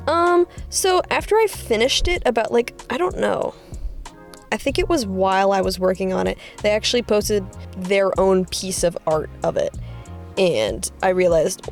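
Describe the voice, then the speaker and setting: A woman artist casually talking through her drawings, chatty and rambling, with excited high-pitched bursts. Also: slow, creaky, pauses often, soft background music. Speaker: artist vlogger. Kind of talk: casual art commentary.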